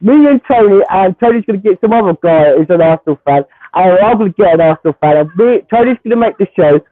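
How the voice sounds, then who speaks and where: A Chelsea-supporting man argues football in heated banter, repeating himself and cutting in. His voice sits high and comes through a thin, tinny phone line with no room sound. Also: fast talker, no echo. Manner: animated, repeats himself, talks over others. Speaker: guest, Chelsea fan.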